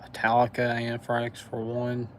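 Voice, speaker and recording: Man, Southern accent, flat monotone delivery, halting casual chat, faint background noise. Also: mid-range voice. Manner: halting, pausing to recall band names. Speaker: metal music streamer. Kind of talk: casual live stream chat.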